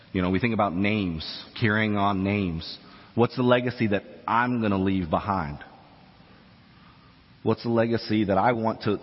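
A man's voice: fairly low pitch, breathy edge, long reverb tail, dull audio. A man in his forties preaching a sermon, chatty and self-deprecating, reading scripture aloud. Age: 40s. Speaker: pastor. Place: church sanctuary.

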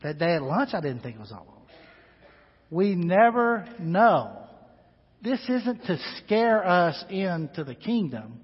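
A man with a fairly high, husky voice preaches a sermon in a church sanctuary, dropping to quiet, intimate asides and then climbing into loud, ringing exhortation. His voice trails off into a long hall reverb, and the recording sounds dull and lo-fi. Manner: swings between hushed, intimate asides and loud, rising exhortation. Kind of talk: sermon with personal storytelling.

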